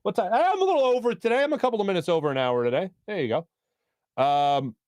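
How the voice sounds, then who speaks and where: A man's voice: sits high, lively intonation, fast talker, a little mellow, no room sound. A man, hosting a sports talk show in a chatty, joking way, reading viewer comments and laughing often. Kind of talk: casual live-stream chat reading viewer comments.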